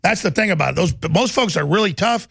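A man hosting a talk radio show, ranting in an agitated way that swings from mumbling to loud. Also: sits high, animated, quick pace, creaky, slight background noise. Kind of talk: heated talk radio monologue.

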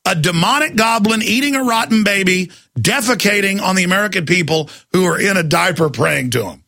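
A man's voice: high voice, brisk, creaky, pushed and bright, no room sound, clean studio sound. A man hosting a talk radio show, ranting in a mocking, grotesque way and laughing often. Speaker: radio host taking calls.

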